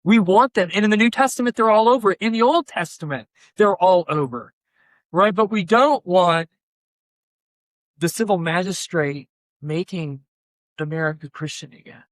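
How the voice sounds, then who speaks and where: A man's voice: high voice, normal speed, no room sound. A man, a pastor, giving a conversational workshop talk, animatedly telling stories and acting out both sides of conversations. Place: conference room.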